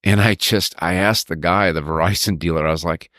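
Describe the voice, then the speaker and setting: A man co-hosting a podcast, telling a personal story with halting pauses and acting out quoted people in a higher voice. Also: no room sound, clean studio sound. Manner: halting, stops to steady himself when emotional; acts out quoted people with raised pitch. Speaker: podcast co-host.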